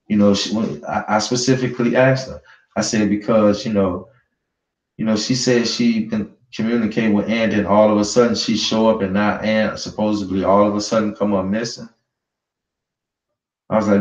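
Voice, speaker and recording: A man's voice: lowish voice, steady tone, moderate pace. A man giving casual commentary straight to his viewers, emphatic and repetitive, swearing freely as he presses his points. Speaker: online news commentator. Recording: roomy, dull lo-fi sound.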